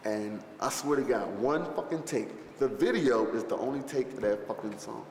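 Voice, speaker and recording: In an interview, a rapper reminisces about a film shoot, rambling through stories, cursing and filling his speech with fillers. His mid-range voice is expressive, a little mellow, and moves at normal speed. The room is spacious with long reverb and faint background noise.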